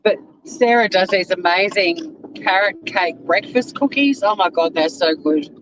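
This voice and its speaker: A woman's voice: fairly low pitch, a little slow, fairly bright tone, slight background noise, rough recording. A woman vlogging from inside her car, ranting in exasperation and swearing freely. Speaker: YouTuber. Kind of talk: casual vlog rant.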